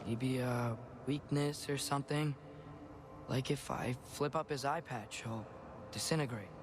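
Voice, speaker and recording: An actor playing an earnest, caring teenage boy in video game dialogue, speaking softly and thoughtfully. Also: medium pitch, a little slow, background noise, lightly acted. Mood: curious.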